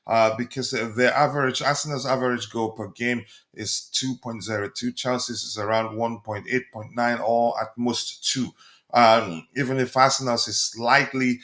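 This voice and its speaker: A man's voice: medium pitch, fairly even intonation, normal speed. Upbeat man hosting a live stream. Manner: loud, upbeat greetings with frequent fillers. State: slightly hoarse from a cold. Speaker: host of a football fan live stream. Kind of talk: casual live-stream chat.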